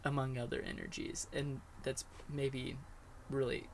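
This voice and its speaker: Gravelly guy interviewer, thinks out loud, lots of and and and. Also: mid-range voice, little pitch movement, unhurried, a little hiss or hum. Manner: thoughtful, searching for words, repeats himself. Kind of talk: casual conversation.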